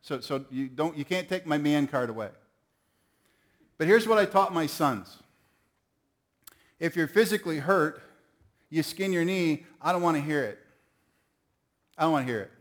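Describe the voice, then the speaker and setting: A man's voice: fairly high pitch, lively intonation, normal speed, pauses often. A middle-aged man preaching a sermon, telling folksy stories and calling on the audience to answer. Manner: folksy storytelling, calls on the audience.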